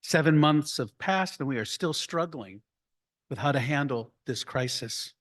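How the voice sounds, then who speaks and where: A man, a rabbi, giving a slow, deliberate report and story to his congregation at an annual meeting. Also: medium pitch, animated, fairly bright tone. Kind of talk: congregational address. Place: room filled with people.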